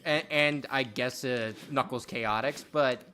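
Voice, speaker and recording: A man's voice: medium pitch, steady tone, unhurried, pushed and bright, a little hiss or hum. A man appearing as a guest on a game stream, laid-back and opinionated in casual chat, laughing easily.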